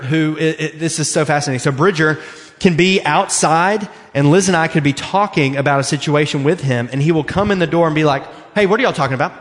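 A man in his thirties preaching a sermon in a church, earnest and conversational, slowing down to stress key words. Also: on the high side. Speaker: pastor. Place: church sanctuary. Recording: long hall reverb.

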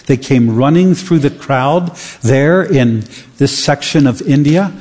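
A man's voice: medium pitch, darkish tone, in a large hall. A man preaching a sermon, earnest and building to emphatic questions.

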